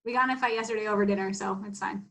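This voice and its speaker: A woman's voice: medium pitch, fairly even intonation, racing, a bit bright. A woman co-hosting a podcast, chatting casually in an easygoing way, laughing along. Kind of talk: casual chat.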